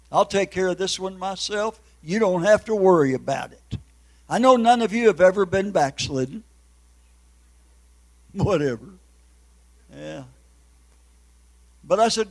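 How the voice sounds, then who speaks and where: Older man, evangelist preacher, high voice, emotional testimony sermon, tearful. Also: lively intonation, a little slow, long pauses, poor audio. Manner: emotional, breaks into crying.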